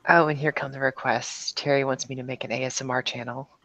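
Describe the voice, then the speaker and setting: A woman talking as a guest on a live stream, speaking in a frank, casual way with quick reactions. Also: extremely low pitch, fairly even intonation, creaky, a bit bright, no echo, rough recording. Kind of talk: casual chat.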